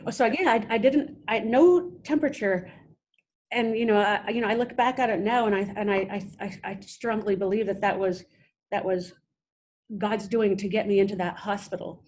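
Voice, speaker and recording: A young adult woman, a podcast guest, telling her own story in a halting way with many restarts. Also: medium pitch, steady tone, a little mellow, slight background noise. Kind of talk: personal storytelling interview.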